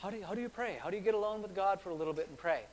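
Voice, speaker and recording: Male pastor, high voice, chatty sermon delivery with repeated words and questions, reverberant church sound. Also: very fast, slight background noise. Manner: conversational, repeats words, asks the congregation questions.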